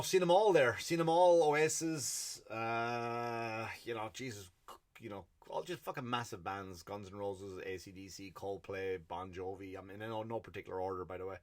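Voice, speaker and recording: A man with an Irish accent, a comedian hosting his own podcast, delivering a blunt, profanity-filled solo rant. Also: lowish voice. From Ireland.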